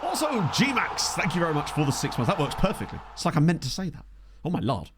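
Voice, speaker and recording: Jokey man streaming, lively pitch. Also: quick pace, noisy background. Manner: jokey, self-mocking, laughs often. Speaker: streamer and game host. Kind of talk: casual livestream chat. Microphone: desktop USB microphone.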